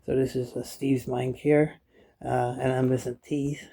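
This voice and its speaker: A man's voice: medium pitch, flat delivery, unhurried, vocal fry, mellow, slight background noise. A man vlogging at home in a kitchen chair, talking straight to his viewers in a jokey, rambling way, filmed on a phone. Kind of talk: casual rambling vlog to camera.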